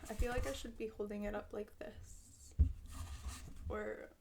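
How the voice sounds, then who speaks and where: A woman's voice: medium pitch, flat delivery, a little slow, vocal fry, background noise. A young woman chatting casually into a desk mic at home, rambling and self-deprecating with lots of fillers. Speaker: vlogger. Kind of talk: rambling casual vlog chat. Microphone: desk mic with headphones.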